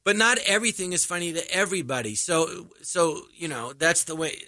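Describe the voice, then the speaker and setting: A man chatting on a radio show as a comedian guest, telling animated stories, laughing often and acting out the voices of people in them. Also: fairly high pitch, brisk, dry recording. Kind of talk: casual radio chat.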